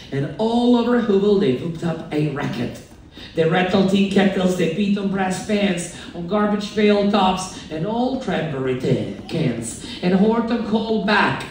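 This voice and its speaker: A storyteller reads a rhyming children's tale at a slow, deliberate pace, the pitch swooping high and low as the characters change. The voice sounds distant and bounces around a very echoey room. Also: expressive. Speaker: story reader at a children's event. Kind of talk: expressive read-aloud storytelling. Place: large room on a cruise ship.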